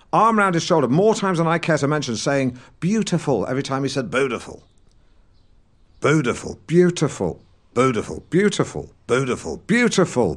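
A man's voice: on the high side, a bit bright. An actor playing a pompous, touchy middle-aged male broadcaster from Norfolk, hosting a podcast in a comic monologue, defensive and rambling as he answers a troll. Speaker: podcast host.

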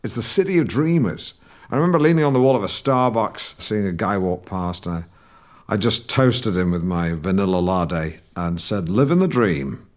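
Smug, pedantic English broadcaster played by a man, lowish voice, rambling podcast monologue. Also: expressive, moderate pace, close to an everyday voice. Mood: pompous. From England. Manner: pedantic, rambling, self-satisfied. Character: pompous self-important middle-aged English broadcaster. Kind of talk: scripted comedy monologue.

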